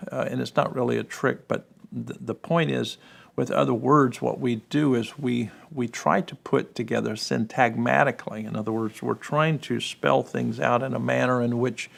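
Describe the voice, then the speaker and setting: A man with a gravelly voice explaining Hebrew and Greek grammar in a discussion, full of "you know" and checking "correct?". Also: medium pitch. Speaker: guest explaining biblical languages.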